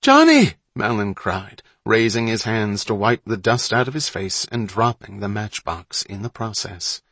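A man narrating a suspenseful story, dropping to a hush and rising for tension. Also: on the low side, steady tone, unhurried, husky, no echo. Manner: dramatic, hushed to loud for suspense.

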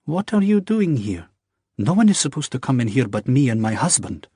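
A man reading aloud, voicing a haughty, defiant young woman with sharp, clipped retorts. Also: mid-range voice, big pitch swings, moderate pace, breathy edge, dry recording, clean studio sound, voice pushed up. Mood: indignant.

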